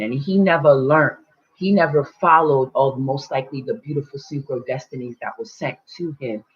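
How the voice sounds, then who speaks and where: A woman spiritual teacher telling a personal story in casual, animated talk, swearing freely and acting out quotes. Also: very deep voice, husky. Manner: animated, swearing, acts out quotes in loud voices. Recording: dull lo-fi recording.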